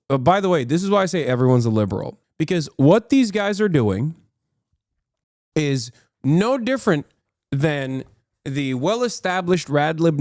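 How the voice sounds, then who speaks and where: A man with a medium-pitched, slightly mellow voice, recorded dry at studio quality, gives live reaction commentary on a stream. He rants combatively and fast, swearing heavily, cutting off his own curses and stuffing in fillers.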